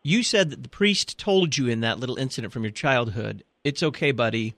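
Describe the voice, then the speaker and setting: A man hosting a radio talk show, asking guests questions and leading into a break in a measured way. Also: medium pitch, big pitch swings, a bit bright, no echo.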